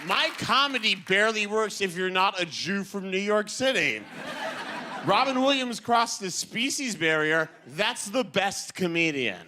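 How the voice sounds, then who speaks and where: A young man does stand-up on a club stage, telling stories and acting out characters with animated energy. His voice sits high and his pace is measured, with a crowd, background noise, and audience laughter behind him.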